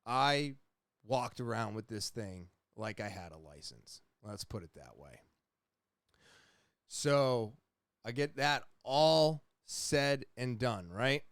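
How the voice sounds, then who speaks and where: A young adult man hosting a podcast, casually telling a rambling, profane story with animated retellings. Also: medium pitch, slow, clear, resonant tone, dry recording, studio quality. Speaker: podcast host.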